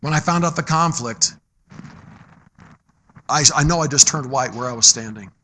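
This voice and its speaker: A middle-aged man preaching a sermon, moving between loud, emphatic exhortation and low, quiet storytelling. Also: moderate pace.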